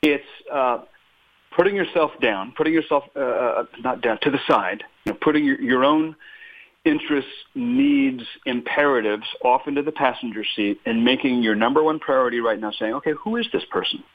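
A man speaks as a guest author on a radio show. His thinking-aloud delivery is animated and full of small self-corrections. He comes through a narrow, tinny phone line. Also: medium pitch, normal speed, vocal fry. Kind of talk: radio interview.

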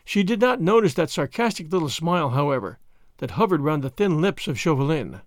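Expressive man narrating an audiobook. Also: on the high side, fairly quick, dry recording, clean studio sound. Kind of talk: scripted narration.

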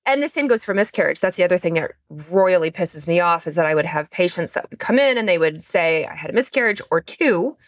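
A woman hosting a podcast interview, chatting in an upbeat, quick, conversational way. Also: fairly low pitch, animated, dry recording, studio quality. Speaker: podcast host. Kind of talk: casual interview chat.

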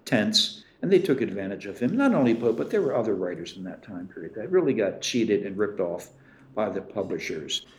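A man's voice: on the low side, big pitch swings, brisk. A man speaking as a guest expert in a casual conversation, telling stories emphatically. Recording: roomy echo.

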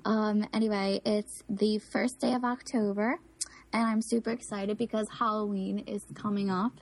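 A woman's voice: mid-range voice, little pitch movement, moderate pace. A woman with a South Philadelphia accent hosts a podcast, chatting casually and giggling between fillers. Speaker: podcast host. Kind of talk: casual chat.

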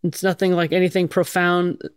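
A woman's voice: fairly low pitch, little pitch movement, moderate pace, clean tone, no echo, studio quality. A middle-aged woman, a firefighter, telling her story frankly in an interview, swearing casually and restarting her sentences often. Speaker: guest, firefighter.

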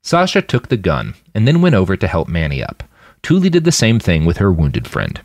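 A man narrating his own serialized fiction in an expressive storytelling manner, close to the mic. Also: low-pitched, brisk, no room sound. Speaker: podcast fiction reader. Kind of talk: audiobook narration.

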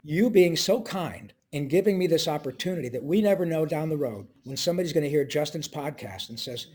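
A middle-aged voice actor, guesting on an interview, tells personal stories with feeling and jumps into quick impressions of the people he quotes. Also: fairly high pitch, lively intonation, a little mellow. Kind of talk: emotional interview storytelling.

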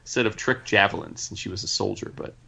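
A man co-hosting a casual podcast, chattering quickly and excitably. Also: on the low side, vocal fry, husky, dull audio. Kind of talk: casual chat.

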